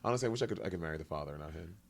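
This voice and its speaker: Man guest, animated self-mocking storyteller, low-pitched, casual podcast chat. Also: racing, gravelly, noisy background. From New York City.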